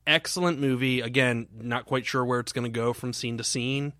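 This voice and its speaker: A man's voice: mid-range voice, fairly even intonation, sharp tone, no echo, studio quality. Rambling man co-hosting a film podcast. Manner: rambling, halting, swears casually. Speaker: podcast co-host. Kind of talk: casual film chat.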